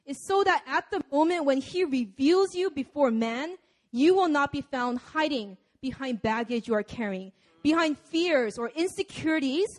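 A young woman preaching a sermon in a casual, conversational way, laughing often. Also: high voice.

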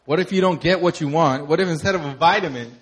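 A young adult man preaching a sermon, talking conversationally, with animated storytelling and laughter. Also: on the high side, fast, slight background noise. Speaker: pastor.

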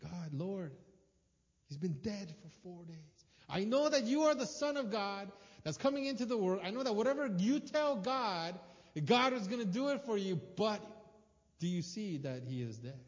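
A man's voice: fairly high pitch, slow, long pauses, darkish tone. A man voicing a grieving woman who pleads insistently, her words ringing in a reverberant hall with a dull sound. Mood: pleading.

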